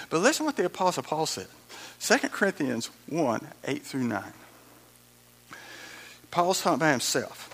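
A man preaches a sermon with a bright, tense edge and a gravelly rasp. He punches lines by repeating them and leans into dramatic asides. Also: fairly high pitch, big pitch swings, normal speed, pauses often. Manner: emphatic and repetitive, with dramatic asides. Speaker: pastor.

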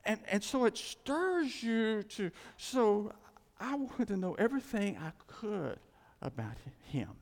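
Pastor guy preaching, super lively up and down voice, long echo like a big church. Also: high-pitched, slow. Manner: lively, animated preaching with asides and quoted dialogue. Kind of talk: sermon. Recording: church hall with long reverb.

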